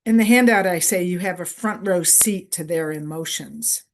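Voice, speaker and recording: A woman presenter giving a conference lecture in a deliberate way, repeating key phrases in short lists for emphasis. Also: fairly low pitch. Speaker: workshop presenter.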